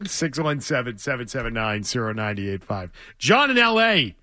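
A man's voice: mid-range voice, sing-song, moderate pace, bright, forceful tone, no room sound, clean studio sound. A man hosting sports talk radio, blunt and mocking in his banter.

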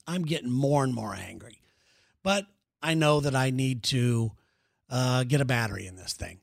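Middle-aged comedian guy ranting a story, swears a lot, kinda high voice, dry sound. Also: no echo. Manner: animated, profane, exasperated storytelling. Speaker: comedian podcast host.

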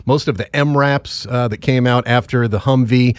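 A man hosts a casual morning show, talking in a loose, rambling way full of fillers and jokes. His voice sits at an ordinary pitch. The studio sound is dry and close. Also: fairly even intonation, normal speed, clear, resonant tone, dry recording. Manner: rambling, joking, with many fillers. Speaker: podcast host.

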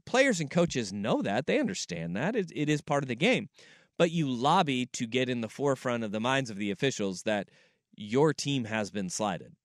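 A male sports talk host speaking into a studio microphone with firm, emphatic delivery. His voice sits at a middle pitch, and the sound is dry and close. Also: big pitch swings, no echo. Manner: emphatic, opinionated, quick to agree. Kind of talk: sports talk radio chat. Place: radio studio.

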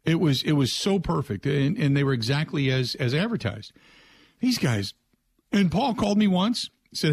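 A man's voice: a little high, moderate pace, vocal fry, husky. A man hosting a sports talk radio show, chatting casually and ranting in exasperation. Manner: exasperated, ranting, animated storytelling.

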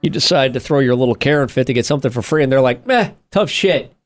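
A man's voice: mid-range voice, steady tone, very fast. American man casually co-hosting a podcast. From United States. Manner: joking, reads out internet posts in mocking voices. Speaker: podcast co-host.

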